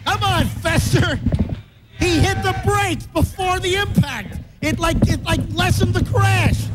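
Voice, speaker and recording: A man hosting and calling a live stunt outdoors, shouting and laughing breathlessly as he talks. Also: very high-pitched, unhurried, loud music behind the voice, low-quality recording. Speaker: host. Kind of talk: excited live commentary.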